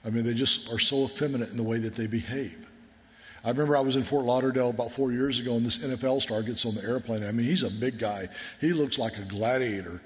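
Speaking quickly in a mid-range voice, a man serving as a military chaplain tells war stories within his sermon. His manner is earnest and folksy, and the hall adds a long reverb.

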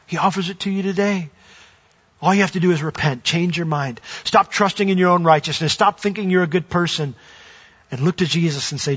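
An earnest male pastor with a husky, slightly high voice. He builds emphasis through the sermon and then softens into a quiet prayer. The sound is dull and lo-fi. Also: fast talker.

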